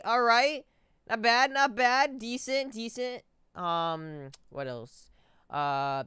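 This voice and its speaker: A man chatting through gameplay in a crisp, clean voice that sounds close and dry. He rambles, stumbles over his words and keeps saying "bro". His talk is loose and unscripted. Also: sits high, a bit bright, dry recording. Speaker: gaming video host. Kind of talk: casual gameplay commentary.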